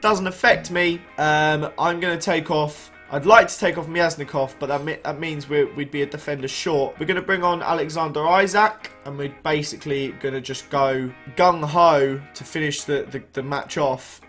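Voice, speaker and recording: A man's voice: fairly high pitch, a bit bright. A young man casually commentating on a football management game he is playing, chatty and a bit tired. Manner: chatty, reacting to match events. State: yawning, tired. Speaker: gaming YouTuber.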